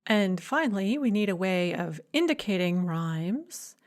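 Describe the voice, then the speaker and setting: A woman giving a recorded lecture, explaining points clearly and stressing key ideas. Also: medium pitch, lively intonation, unhurried.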